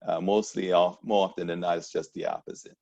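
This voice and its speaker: A man from Panama with a Panamanian accent, speaking at a town hall discussion in a reflective, halting way with many restarts. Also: deep voice, steady tone, vocal fry, mellow, muffled recording.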